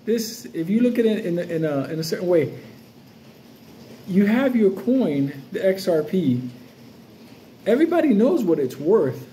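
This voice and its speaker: A man's voice: high voice, expressive, fast talker, dark tone, slight background noise. Profane swaggering New man ranting. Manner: profane, loose, swaggering, jumps between stories. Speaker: crypto vlogger. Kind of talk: casual unscripted rant to camera.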